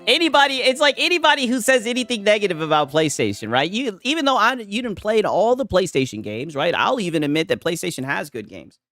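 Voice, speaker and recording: Animated, profane man ranting on stream. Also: high voice, quick pace, few pauses, dry recording, clean studio sound. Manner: profane and animated, constantly adds "right?". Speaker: gaming commentary streamer. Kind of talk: casual ranting live stream.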